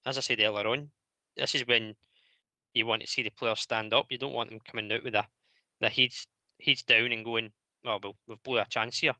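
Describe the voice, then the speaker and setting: A Scottish radio host with a very bright, forceful voice, laying out his argument steadily on a football phone-in. The sound is dry and close to the mic. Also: medium pitch, steady tone, a little fast, no room sound.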